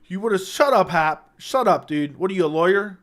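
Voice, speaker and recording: A man's voice: high voice, lively intonation, moderate pace, a bit bright. A young man hosting a late-night casual livestream, bantering with his chat in a brash, profane, joking way. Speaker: livestream host.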